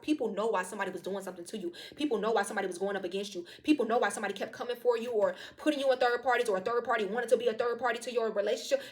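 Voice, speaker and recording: A woman giving a tarot reading to her viewers, emphatic and preachy, swearing freely and calling them y'all. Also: medium pitch. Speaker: tarot reader.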